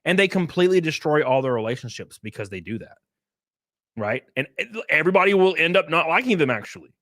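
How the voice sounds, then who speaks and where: A young male streamer with a very lively, up-and-down delivery, talking in a loose, rambling way and swearing often. His mid-range voice sounds dry and close to the mic. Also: a little high, fast, dry recording. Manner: rambling and profane. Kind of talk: livestream commentary.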